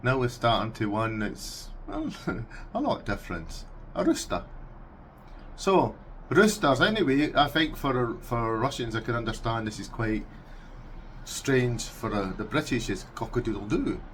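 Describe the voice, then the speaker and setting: A Scottish man vlogging casually, unhurried and amused, breaking into animal noises. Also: medium pitch, lively intonation, a bit bright, a little hiss or hum. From Scotland. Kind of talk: casual explainer vlog.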